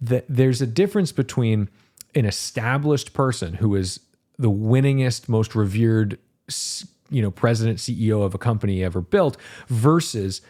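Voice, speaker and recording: A man's voice: mid-range voice, animated, normal speed, dark tone. A man hosting a podcast, chatting casually and animatedly, with emphatic repetition and some swearing. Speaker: podcast host. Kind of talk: casual chat.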